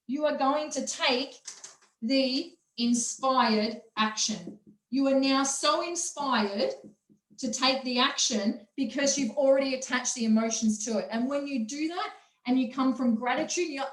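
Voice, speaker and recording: High-voiced woman hosting a lively workshop. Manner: energetic, enthusiastic, acts out quotes. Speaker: workshop host. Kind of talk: motivational online workshop. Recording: roomy echo.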